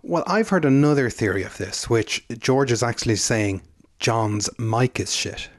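A man's voice: medium pitch, animated, measured pace, no echo, clean studio sound. A man co-hosting a podcast in casual chat, rambling with frequent fillers and asides. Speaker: podcast co-host.

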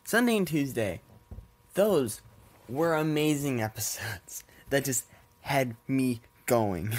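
A man with a medium-pitched, expressive voice speaks slowly, sounding congested and nasal from a stuffy nose. He hosts a casual solo podcast at home with his cats, rambling, laughing a lot, and swearing offhandedly.

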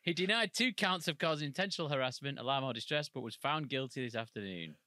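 A man's voice: medium pitch, expressive, fast talker, sharp tone, no room sound. A man co-hosting a comedy podcast, reading out news items in a dry way. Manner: dry, reads news bits aloud. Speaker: podcast co-host. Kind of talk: casual comedic banter.

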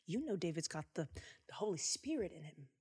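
A woman casually retelling a Bible story, animated and chatty with jokey asides. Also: fairly low pitch, a little fast, slightly rough.

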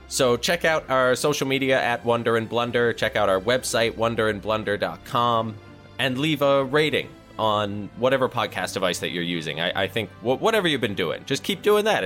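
Low-voiced man running a tabletop game. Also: fairly bright tone. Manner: loose, chatty, many fillers and jokes. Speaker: dungeon master and host.

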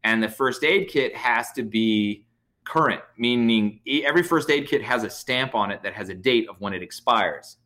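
A man, a comedian, telling a story in casual chat, animated and swearing freely. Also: medium pitch, moderate pace. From United States. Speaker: comedian guest.

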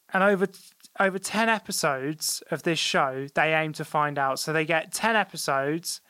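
A man's voice: fairly high pitch, a bit bright, no echo, studio quality. A man hosting a comedy podcast, telling a story in a mock-dramatic, sweary way. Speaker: podcast host. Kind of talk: comedic casual chat.

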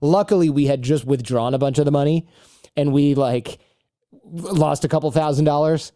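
A man's voice: a little high, normal speed, dry recording, studio quality. A man in his thirties, a guest on a podcast, chatting casually and acting out quotes as he tells stories. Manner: animated storyteller who acts out quotes. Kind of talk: casual interview chat.

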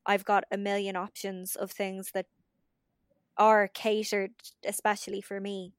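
A woman's voice: medium pitch, flat delivery, clean tone, dry recording, clean studio sound. A woman hosting a casual podcast conversation, agreeing readily and building on her guest's points. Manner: agreeable, quick affirming replies.

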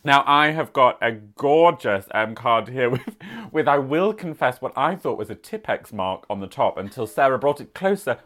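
A woman's voice: extremely low pitch, lively intonation, moderate pace, fairly bright tone. A woman co-hosting a podcast from a home bedroom, chatting casually and reading out a listener's card with playful asides. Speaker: podcast co-host.

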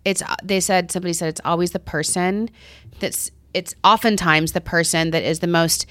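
A woman's voice: fairly low pitch, steady tone, moderate pace, fairly bright tone, dry recording. A middle-aged woman co-hosting a casual talk show, speaking earnestly and acting out her stories. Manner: chatty, earnest, acts out stories. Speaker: co-host. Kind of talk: casual chat.

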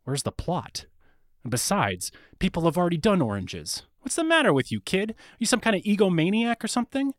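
Guy putting on a gruff film money man, scoffing, pitch jumping all over. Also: big pitch swings, fairly quick, no room sound, clean studio sound. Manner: scoffing, exasperated. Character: gruff skeptical male film patron.

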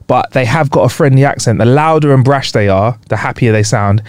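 A man's voice: medium pitch, a little fast, no room sound, clean studio sound. A man co-hosting a podcast, joking around in casual chat. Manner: joking, playful, animated. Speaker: podcast co-host.

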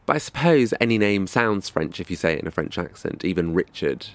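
A man's voice: low-pitched, big pitch swings, fairly quick. A young man from England telling a scripted comic story in a wry, dry, self-mocking way. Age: young adult.

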